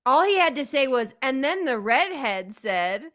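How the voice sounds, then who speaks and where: A woman's voice: high-pitched, very animated, a little slow, a bit bright. A woman guesting on a podcast, talking bluntly and sarcastically with plenty of swearing. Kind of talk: casual podcast chat.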